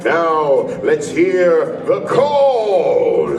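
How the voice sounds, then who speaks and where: An actor playing a proud male troupe leader who hosts a live stage show with a grand, drawn-out showman delivery. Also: a little high, sing-song, full character voice. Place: large indoor theater. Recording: distant echoey theater with music and crowd.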